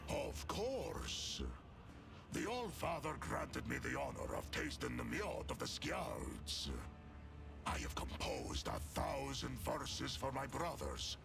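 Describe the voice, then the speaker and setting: An actor playing a huge, scarred warrior prisoner who talks in a slow, grave, poetic way with a deep rumbling voice. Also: male voice, wildly swooping pitch, vocal fry, heavily acted. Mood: proud. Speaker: video game character. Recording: game audio with music behind. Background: music.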